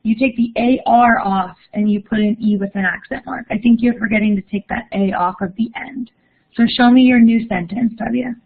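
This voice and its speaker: Her voice is a little high and creaky at a moderate pace as this young woman teaches Spanish live online. She sounds upbeat and encouraging reading answers from the chat, with narrow, phone-like audio.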